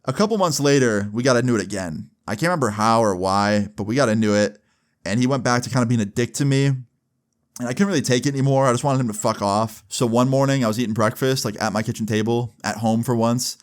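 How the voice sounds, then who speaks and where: A man telling a personal story in a casual vlog, animated and profane, with sudden jumps in pitch. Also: fast. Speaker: storyteller vlogger.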